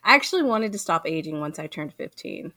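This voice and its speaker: A woman's voice: deep voice, big pitch swings, brisk, bright, forceful tone, dry recording, studio quality. Chatty woman podcast co-host. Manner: chatty, fillers of "like", laughs often. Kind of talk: casual chat.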